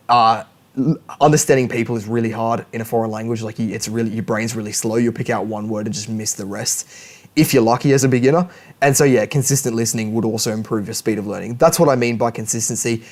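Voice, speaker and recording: A man's voice: mid-range voice, darkish tone. Chatty young man explaining study habits. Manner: chatty, self-correcting, joking asides. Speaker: language learning YouTuber. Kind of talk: casual educational monologue.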